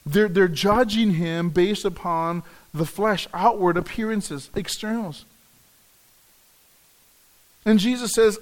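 A man's voice: high-pitched, slow pace, long pauses. A man preaching a sermon, earnest, often repeating words as he restarts a phrase. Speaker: pastor.

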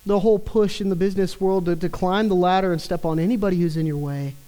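An emphatic preacher walks a congregation through a passage of scripture in an expository sermon. The voice sits at a middling pitch, stressing points by repeating words and slowing down on key phrases. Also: fairly even intonation, warm tone, low-quality recording.

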